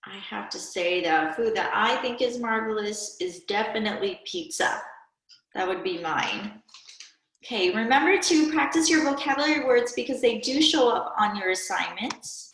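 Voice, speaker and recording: A woman teacher giving a recorded reading and spelling lesson to children, speaking clearly and patiently and asking them to pause and answer aloud. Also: mid-range voice, animated, fairly bright tone. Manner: slow, clear, patient classroom delivery with prompts to pause. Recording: echoey room.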